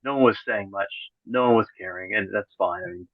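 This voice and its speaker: A podcast guest with a fairly low voice talks a bit quickly in a relaxed interview, wandering off track, correcting himself, and joking with dry sarcasm. His sound is tinny and phone-like, completely dry with no echo.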